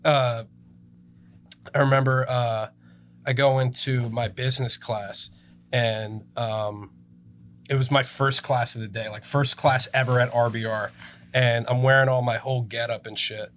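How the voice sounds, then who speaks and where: A man's voice: medium pitch, steady tone, unhurried, a bit bright. A young man with a New Jersey accent, co-hosting a casual podcast chat, rambling through stories with lots of swearing and laughter. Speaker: podcast co-host.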